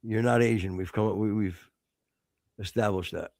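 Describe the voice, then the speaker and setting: A man's voice: lowish voice, steady tone, moderate pace, a little mellow, no echo, studio quality. A man in his fifties, co-hosting a podcast with crude, teasing banter and heavy swearing. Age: 50s. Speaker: podcast co-host.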